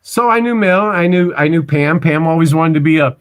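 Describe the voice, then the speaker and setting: A man's voice: on the high side, lively intonation, brisk. A man in his forties from Missouri, telling casual stories as a guest, rambling with restarts and stammers. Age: 40s. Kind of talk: casual storytelling.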